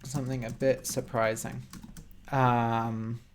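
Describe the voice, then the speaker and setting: A man teaches English over a live stream from a room at home, his mid-range voice showing little pitch movement over a faint hiss or hum. His explanations of words are slow, simple, patient and encouraging, punctuated by frequent "okay?" check-ins.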